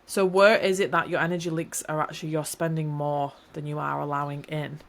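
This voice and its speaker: A woman with a slightly low voice talks through her thoughts on a solo podcast. She rambles warmly and encourages the listener, restarting sentences as she goes. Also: flat delivery, brisk, creaky. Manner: rambling, encouraging, self-correcting. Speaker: podcast host. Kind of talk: reflective solo podcast talk.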